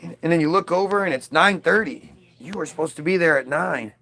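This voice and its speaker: A man telling a swearing, animated story, acting out the lines of the people in it. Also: a little high, fairly quick, gravelly. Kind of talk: profane anecdote with acted-out voices.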